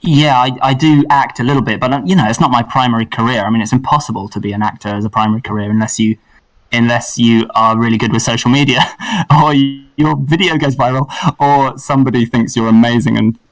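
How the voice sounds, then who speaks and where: A man chats as a podcast guest, joking and self-deprecating. His voice sits at a middle pitch and sounds somewhat distant from the mic. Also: fairly even intonation, quick pace. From England. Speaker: guest, songwriter. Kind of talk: casual chat.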